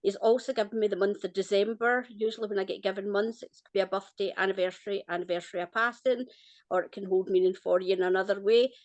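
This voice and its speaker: A Scottish woman gives a psychic reading over a call in a gentle, reassuring way, smiling often as she talks. Her voice sits in a middling register and is recorded close and dry, with no room around it. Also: mid-range voice, fairly even intonation, fast talker, no room sound, highs cut off. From Scotland. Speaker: psychic reader.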